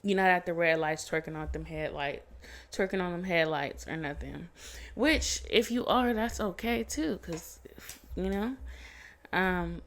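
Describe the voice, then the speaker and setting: A woman with a slightly low voice gives a casual tarot reading on a phone mic. She talks in a chatty, blunt way, swears freely and laughs often. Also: a little slow. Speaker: tarot reader.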